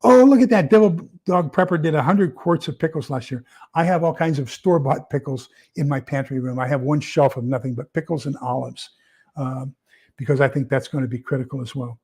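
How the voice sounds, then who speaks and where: Older guy rambling on a livestream, lots of uh and restarts, average pitch. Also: steady tone, a little fast, darkish tone, slightly rough. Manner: rambling, many fillers and repeated words. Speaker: prepper channel host. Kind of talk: casual livestream chat reading comments.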